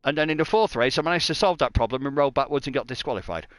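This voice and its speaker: A man calling a live online race in a chatty, self-mocking way. His voice is smooth and resonant, and the dry sound keeps it close to the mic. He jokes freely between the race updates. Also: medium pitch, expressive, racing, fairly bright tone, no room sound. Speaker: race commentator. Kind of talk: live race commentary chat.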